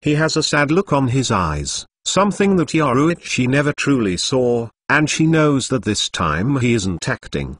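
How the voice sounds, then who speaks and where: Synthetic male narrator, mid-pitched, flat reading, dry close sound. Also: measured pace, hardly any pauses, slightly rough, no echo. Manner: flat, reads punctuation aloud. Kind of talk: text-to-speech story reading.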